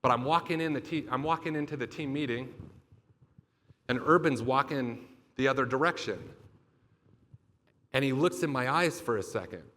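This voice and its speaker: Speaking at normal speed with frequent pauses, this young motivational speaker has a medium-pitched, fairly bright voice. His keynote is a personal story told emphatically, with swearing and a confessional tone.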